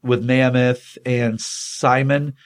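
A man's voice: mid-range voice, level tone, takes it slowly. A man casually retelling a comic book issue on a podcast, rambling with many ums and restarts, acting out the dialogue.

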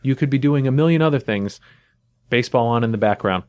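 Relaxed man co-hosting, dry sound. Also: medium pitch, fast, clean tone, no room sound. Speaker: podcast co-host. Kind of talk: casual chat.

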